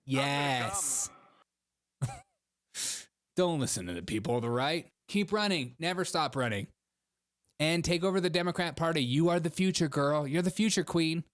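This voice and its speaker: Sarcastic, slightly high-voiced male host. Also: expressive, normal speed, long pauses. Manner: sarcastic, mocking, laughs often; reads viewer chat aloud. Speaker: live stream host. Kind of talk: casual live-stream chat.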